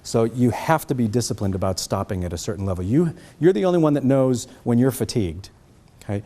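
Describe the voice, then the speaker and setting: Man, middle-aged, Boston accent, relaxed mellow tone, conversational teacher. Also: mid-range voice, quick pace. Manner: conversational, checks in with "okay?". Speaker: trumpet teacher giving a master class. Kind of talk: master class teaching, answering questions.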